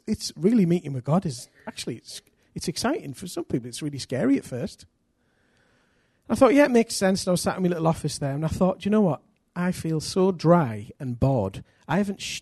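A middle-aged man from England, preaching a sermon full of personal stories, energetic and self-deprecating with bursts of loud emphasis. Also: on the high side, breathy edge, no echo, studio quality.

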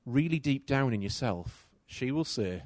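A middle-aged man preaching a sermon, telling a personal story with animated swings between loud and soft. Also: medium pitch, measured pace, no echo.

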